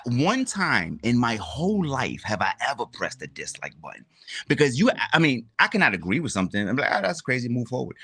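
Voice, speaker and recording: A man chatting casually as a guest creator on a toy livestream, animated and full of "my brother" and "you know what I'm saying". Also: mid-range voice, slightly rough, dry recording, studio quality.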